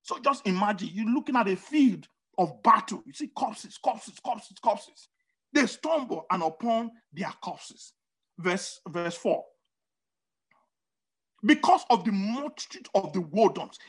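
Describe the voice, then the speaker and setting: A preacher giving a sermon, repeating words and phrases emphatically, with sudden swings of pitch and loudness. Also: expressive, measured pace.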